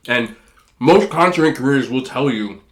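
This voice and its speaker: A man's voice: medium pitch, lively intonation, measured pace, fairly bright tone. A man with a slightly nasal voice, chatting casually and rambling while he eats on camera. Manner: rambling, chatty, talks between bites. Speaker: food vlogger. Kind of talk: casual mukbang chat while eating.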